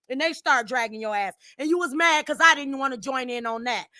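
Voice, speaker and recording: A woman hosting her channel, ranting angrily at someone. She repeats herself, swears, and swings from low muttering to shouting. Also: fairly quick, hardly any pauses, no echo, clean studio sound. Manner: swears freely, addresses viewers directly. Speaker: channel host. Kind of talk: heated direct-to-camera rant.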